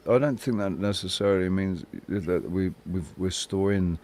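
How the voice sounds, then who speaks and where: Brief: lowish male voice, brief interjections, faint hiss. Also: normal speed. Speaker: podcast co-host. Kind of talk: casual chat.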